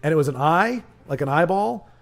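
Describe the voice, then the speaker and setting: A young man with a slightly high, animated voice talks briskly while livestreaming a card game. He chats casually with his viewers, rambling and restarting his sentences a lot.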